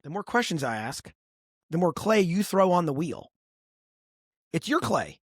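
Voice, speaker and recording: Animated, husky middle-aged man. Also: sits high, unhurried, dry recording, clean studio sound. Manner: animated storyteller, lively and expressive. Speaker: podcast co-host. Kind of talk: casual podcast conversation.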